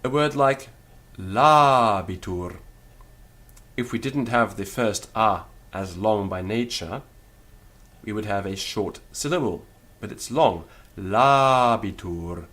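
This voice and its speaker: A man teaching Latin in a lecture, deliberate and careful, sounding out syllables one by one. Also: lowish voice. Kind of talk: spoken lecture.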